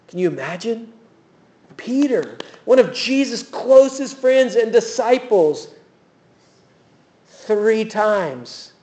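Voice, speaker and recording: A man preaching a sermon in a church, telling the story with animated, acted-out quotes. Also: high-pitched. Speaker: pastor.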